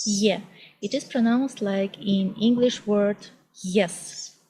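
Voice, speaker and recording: A young woman with a Russian accent, a native Russian speaker, teaching the alphabet in a vlog lesson. She speaks slowly and carefully, saying each example word twice, and records outdoors. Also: mid-range voice, fairly even intonation, dark tone, husky, rough recording. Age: young adult. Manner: slow and deliberate, repeats each word. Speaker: language teacher. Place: outdoors on a hot day.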